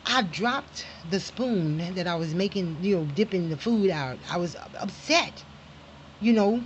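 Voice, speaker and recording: A woman's voice: lowish voice, lively intonation, unhurried, muffled recording, slight background noise. A woman telling a family story in an angry personal monologue, profane and emphatic, flaring into heated outbursts.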